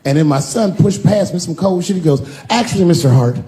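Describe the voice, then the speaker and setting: A man's voice: sits high, brisk, warm tone. Profane storytelling male comedian. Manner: profane, storytelling delivery with acted-out voices. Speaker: stand-up comedian. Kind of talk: stand-up comedy routine.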